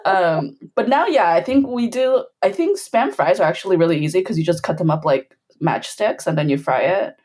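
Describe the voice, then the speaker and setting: A woman on a podcast telling childhood stories in an animated way, laughing often and filling her talk with "like". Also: lowish voice, normal speed, few pauses, slightly rough. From grew up between Bolivia and the US. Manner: animated storyteller, laughing often, with frequent "like" fillers. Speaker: podcast guest. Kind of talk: casual podcast chat.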